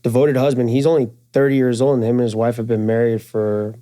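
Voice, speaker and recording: Speaking fast with a mellow mid-range voice, this male guest, who teaches firearms and jiu-jitsu, shares casual stories in a trade-show interview. Slang, filler words and an odd swear fill his talk, and he animatedly raises his pitch when quoting friends, then settles into an easy ramble.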